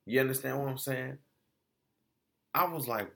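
A man casually reviewing food spots in a vlog, telling it as an animated, slangy story full of restarts and quoted exchanges. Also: medium pitch, normal speed, creaky.

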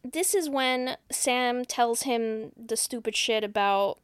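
Woman podcast co-host, higher voice, dry close sound, casual sweary plot recap. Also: takes it slowly, smooth, no echo. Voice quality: swears freely, acts out quoted lines.

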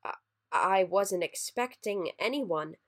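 A woman's voice: mid-range voice, lively intonation, slow, fairly bright tone. A woman voicing a grieving, lonely man who talks bluntly and swears. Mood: alarmed.

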